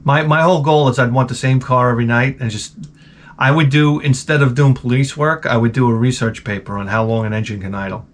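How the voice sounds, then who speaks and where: Brisk and steady in tone, a man of medium pitch hosts his own channel and rattles off rambling, profane funny stories as a casual rant. He cuts himself off often, and a faint hiss or hum runs underneath.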